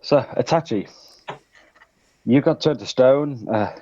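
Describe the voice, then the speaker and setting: A man's voice: medium pitch, takes it slowly, dark tone, dull audio, a little hiss or hum. A man playing a tabletop game, plainly describing what his character does. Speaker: player. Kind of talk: casual tabletop play.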